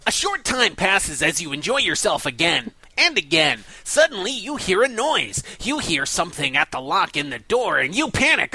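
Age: adult. Sex: male. Style: comedic mock-serious read-aloud. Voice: high, very bright, creaky, lively pitch. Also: moderate pace, hardly any pauses, no room sound. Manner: mock-serious reading, breaking into laughs. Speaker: podcast co-host reading aloud. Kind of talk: comedic reading of amateur fiction.

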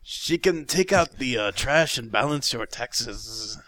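A man's voice: medium pitch, expressive, slow, sharp tone, no room sound. A man co-hosting a comedy podcast, reading entries aloud and dropping crude jokes. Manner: reads aloud with crude asides, breaking into laughter.

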